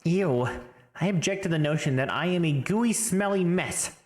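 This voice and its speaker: A man's voice: on the high side, expressive, moderate pace, voice pushed up, lightly acted. A man voicing a prissy, indignant young man in a courtroom video game. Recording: echoey room.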